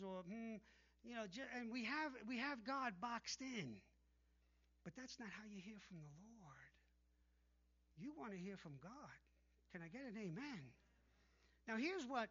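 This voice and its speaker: A man's voice: high-pitched, a bit bright, highs cut off. Emphatic male pastor preaching. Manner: emphatic preaching with call-and-response. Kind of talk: sermon.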